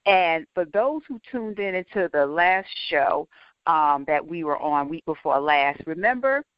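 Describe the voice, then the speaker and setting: A woman's voice: deep voice, lively intonation, measured pace, no room sound, muffled recording. A woman health coach giving a faith-based health segment with upbeat, preacherly emphasis.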